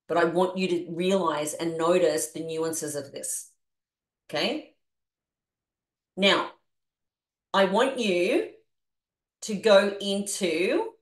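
A woman with an Australian accent leading a group coaching session on a video call, energetic and animated as she coaxes the group through exercises. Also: fairly low pitch, echoey room. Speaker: business coach.

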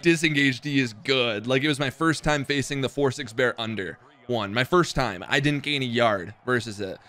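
A young man with a slightly high voice live-streams a football video game, chatting casually with viewers. He's excitable, swears, and breaks into sudden loud outbursts during the game commentary.

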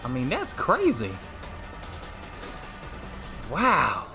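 Brief: male gamer narrating his play, unhurried but excitable, jokes at himself, light music behind. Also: mid-range voice, vocal fry. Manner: playful, excitable, self-mocking. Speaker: gameplay video creator. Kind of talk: casual gameplay commentary.

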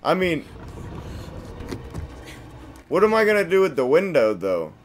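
A young man commentating on his horror game playthrough, swearing freely and reacting loudly to each turn. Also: on the high side, huge pitch swings, a little slow, a little hiss or hum. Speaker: gameplay commentator. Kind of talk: let's play commentary.

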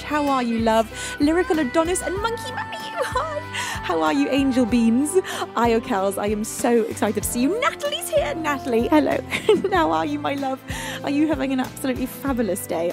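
British woman, streamer host, bright slightly high voice, warm gushing chat, soft music behind. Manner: gushing, affectionate, giggly. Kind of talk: casual chat with viewers. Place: home music studio.

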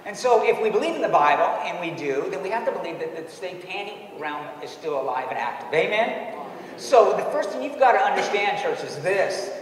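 A man preaching a sermon in a church and telling a personal story, dropping his voice low for quoted lines and laughing often. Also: animated, a little fast. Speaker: pastor. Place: church sanctuary. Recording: echoey hall, distant mic.

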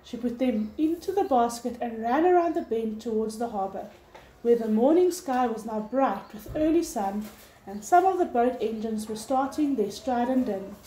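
Teacher lady reading a chapter out loud, mellow highish voice, echoey room, faint hiss. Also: normal speed. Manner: steady storybook narration. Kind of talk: reading a novel aloud.

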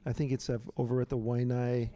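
Brief: male moderator, warm dark tone, relaxed. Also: mid-range voice, brisk. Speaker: event moderator. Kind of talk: hosting a talk.

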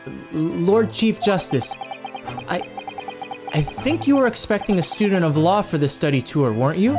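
A man reading an earnest young law student who stammers politely through hesitant lines. The voice is a lively one, and game music plays beneath it. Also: sits high, moderate pace.

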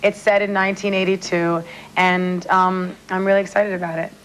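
A woman's voice: on the low side, flat delivery, normal speed, slight background noise, poor audio. A woman appearing as a guest on a talk show by remote link, chatty, giggly and self-deprecating. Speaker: celebrity guest. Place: remote link from New York.

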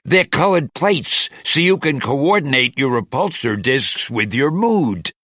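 A man's voice: medium pitch, very animated, unhurried, a bit bright, no room sound, clean studio sound, voice pushed up. A man reading a storybook aloud and voicing a cheerful, fashion-loving superhero woman in a chatty manner. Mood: chirpy.

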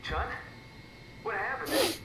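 A man's voice: takes it slowly, very noisy, natural voice. An actor playing a frightened man trapped in a simulation, pleading and repeating himself, heard as game audio. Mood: panicked. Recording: roomy, distant game audio with ambience.

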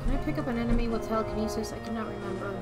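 A woman's voice: a little high, fairly even intonation, very fast. A woman streaming a video game, reacting with swearing and exasperation in casual chat. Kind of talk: casual let's-play chat. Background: game music.

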